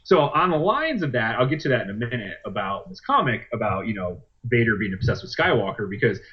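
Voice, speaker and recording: Give me a man in casual podcast chat, mid-pitched and chatty, recorded a bit dull and lo-fi. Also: sing-song, brisk. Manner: rambling, retells a comic plot with lots of fillers. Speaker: podcast co-host.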